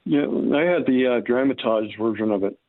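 A man's voice: medium pitch, moderate pace, dry recording, phone-quality sound. A man chatting casually on a radio show, mostly giving brief agreeing replies.

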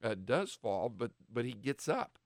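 Gravelly-voiced man teaching the Bible. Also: medium pitch, sing-song, no echo, clean studio sound. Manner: earnest, halting, with many restarts and fillers; acts out short quoted voices of the devil and apostles.

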